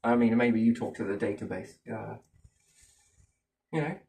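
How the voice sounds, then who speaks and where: Guy thinking out loud, rambly, keeps going "isn't it?", sounds a little far off the mic. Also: lowish voice, moderate pace. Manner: rambling, musing, keeps asking rhetorical questions. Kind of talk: casual speculative chat.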